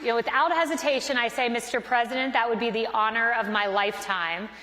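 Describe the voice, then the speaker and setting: A woman's voice: fairly high pitch, brisk, over a noisy crowd, very noisy. A woman in her thirties giving a motivational speech at a conference, telling a personal story with earnest quoted dialogue. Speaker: conference speaker. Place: large conference hall. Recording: echoey hall with long reverb.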